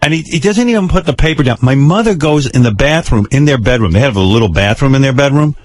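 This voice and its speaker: A man's voice: mid-range voice, animated, fast. An older man hosting a radio show, telling personal stories in a blunt, profane, wry way. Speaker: radio host. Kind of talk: candid storytelling on talk radio.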